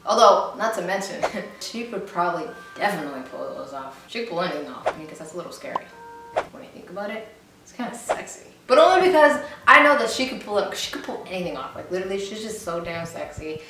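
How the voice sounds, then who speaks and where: A woman's voice: fairly low pitch, expressive, quick pace. A young woman vlogging casually, chatty and rambling with a playful manner. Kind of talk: casual vlog reading comments. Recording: very echoey room, faint noise.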